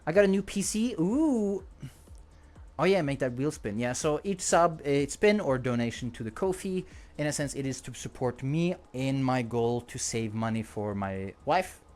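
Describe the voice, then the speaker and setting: A man's voice: mid-range voice, animated, moderate pace, darkish tone, faint music behind. A man with a non-native English accent chatting casually on a livestream, rambling, joking and laughing often. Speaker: streamer.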